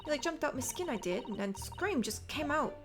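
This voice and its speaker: A woman voicing a cheeky young street urchin girl in a game, telling her story in rough slang. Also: high voice, expressive, a little fast, music in the background, pitched above the performer's own voice. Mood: defensive.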